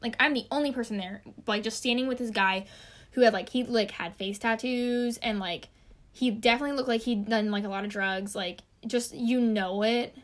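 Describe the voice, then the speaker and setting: A woman's voice: on the high side, moderate pace. A young woman telling a work story in casual chat, rambling and saying "like" constantly. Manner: rambling, heavy use of "like".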